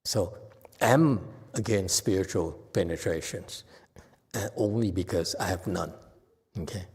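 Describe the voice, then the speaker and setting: A man's voice: low-pitched, unhurried, darkish tone, breathy edge. A man as a Buddhist meditation master, giving a teasing Dharma talk, chuckling often and poking fun at himself. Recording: long hall reverb.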